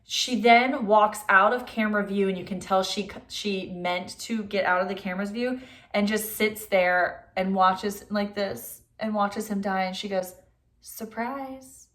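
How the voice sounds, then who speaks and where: A young woman recaps a film plot in a loose, chatty vlog style. Her voice sits at an ordinary middle pitch, and "like" fills most of her sentences. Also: fairly even intonation, a bit bright. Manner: chatty, says "like" a lot; acts out characters' lines in quick voices. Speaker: movie reviewer.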